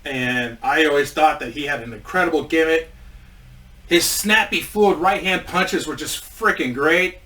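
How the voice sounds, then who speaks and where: A man's voice: on the high side, measured pace, sharp tone, far from the mic, low-quality recording. A man telling a casual story about his wrestling days, rambling with many restarts and frequent swearing.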